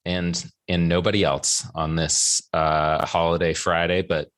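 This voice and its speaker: A man's voice: sits low, little pitch movement, a little slow, a bit bright. A man hosting an economics podcast, talking in a rambling, conversational way and often correcting himself mid-sentence. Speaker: podcast host. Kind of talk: casual economics podcast talk.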